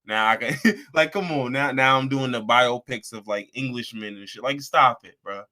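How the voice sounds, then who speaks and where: A young man co-hosting a podcast, talking in a casual, slangy and animated way, often slipping into mimicked voices. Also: medium pitch, normal speed. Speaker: podcast co-host. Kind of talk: casual chat.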